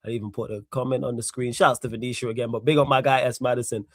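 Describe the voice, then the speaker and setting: Energetic man hosting a football stream. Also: medium pitch, fast talker, no room sound, clean studio sound. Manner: energetic, rattles off viewer shout-outs in street slang. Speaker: host. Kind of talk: live football talk stream.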